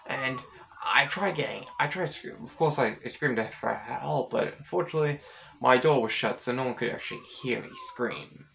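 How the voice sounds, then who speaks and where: A man's voice: mid-range voice, normal speed, gravelly, fairly bright tone, slight background noise, poor audio. A man vlogging casually, telling a personal story in a rambling, hesitant way with many restarts.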